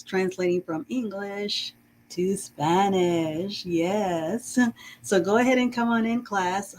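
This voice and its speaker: A woman leads a live online reading lesson, encouraging her viewers and stretching each word out to sound it clearly. She speaks slowly in a somewhat low voice, with a faint background hum on the stream. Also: rough recording. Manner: slow, warm and encouraging, greets chat viewers; drawn-out careful pronunciation of words.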